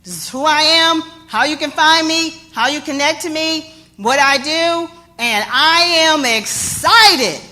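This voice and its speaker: A woman life coach speaks in a high, bright voice. She delivers a motivational talk with emphatic, playful energy. She drives her points home by repeating phrases. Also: normal speed, faint music behind.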